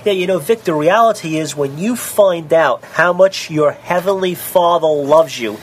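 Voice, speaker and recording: A man's voice: on the high side, normal speed, a little hiss or hum. A middle-aged man, a minister, preaching in an earnest, conversational way and telling stories as he speaks to the host. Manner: earnest and storytelling, addresses the host by name. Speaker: minister and guest.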